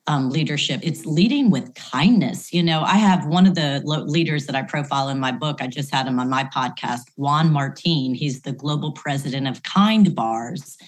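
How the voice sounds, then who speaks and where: A woman's voice: deep voice, moderate pace, few pauses. A woman guest on a podcast, a business professor who tells stories animatedly and acts out dialogue. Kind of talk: conversational interview storytelling.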